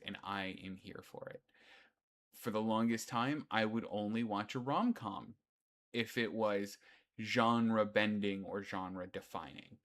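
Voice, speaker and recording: A middle-aged man co-hosting a podcast in casual chat, animated and joking at his own expense. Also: on the low side. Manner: animated, jokey, mocking himself. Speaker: podcast co-host.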